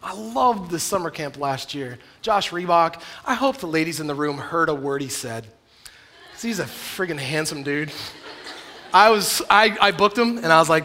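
Animated, joking male youth preacher. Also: on the high side, moderate pace. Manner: animated, joking, acts out voices. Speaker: youth speaker. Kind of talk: youth camp sermon.

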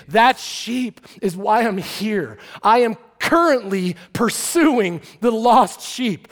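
Man, pastor preaching, high-pitched, animated and conversational, long hall echo. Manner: animated, conversational, acts out characters with shouts and asides. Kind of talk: sermon.

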